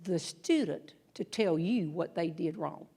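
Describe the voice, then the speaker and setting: A woman voicing her husband, a calm former school principal who lectures her patiently and at an even pace. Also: on the high side, measured pace, gravelly, husky, pitched below the performer's own voice, heavily acted. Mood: lecturing calmly.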